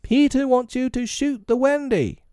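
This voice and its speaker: A man voicing a jealous, spiteful little female fairy in a storybook reading, with a shrill, screaming voice. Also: measured pace, a little mellow, clean tone, no room sound, studio quality. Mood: scheming.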